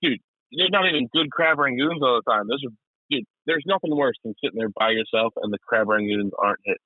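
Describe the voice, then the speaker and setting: A man co-hosting a podcast in casual chat, excitable, swearing and laughing often. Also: mid-range voice, a little fast, dry recording. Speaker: podcast co-host. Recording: tinny phone-like sound.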